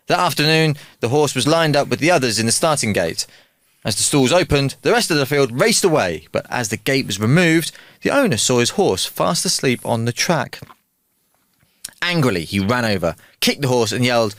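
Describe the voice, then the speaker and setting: Animated male podcast host telling jokes. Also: mid-range voice, normal speed, no room sound, studio quality. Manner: animated storytelling, laughs often. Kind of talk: casual joke-telling chat.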